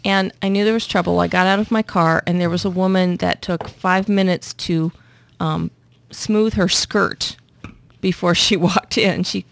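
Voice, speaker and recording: A chatty woman co-host who tells stories full of tangents and laughs easily. Her voice sits at a medium pitch and has a gravelly, creaky texture. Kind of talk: casual chat.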